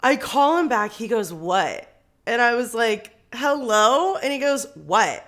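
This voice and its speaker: This young woman co-hosts a podcast and tells a story in a casual chat. Her voice runs on the high side at a normal speed, and she acts out quotes and laughs often.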